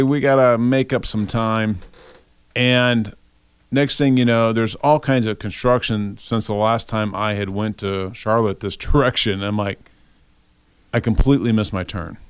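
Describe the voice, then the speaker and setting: A man's voice: on the low side, clean tone, no echo. A middle-aged man giving a devotional, telling a personal story in a conversational way and voicing his own thoughts aloud.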